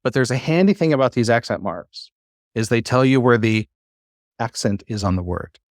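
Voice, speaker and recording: A man teaching a class, talking in a relaxed, halting way with many fillers and restarts. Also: mid-range voice, dry recording, clean studio sound. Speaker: Bible Hebrew teacher.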